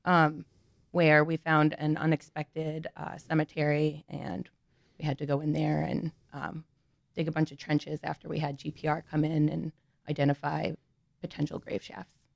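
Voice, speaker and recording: A middle-aged woman archaeologist talks in a low-key, matter-of-fact way, often pausing to think. Her voice is very low and gravelly, and the recording is dry and close. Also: completely flat delivery, no echo. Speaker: archaeologist guest. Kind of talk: casual interview talk.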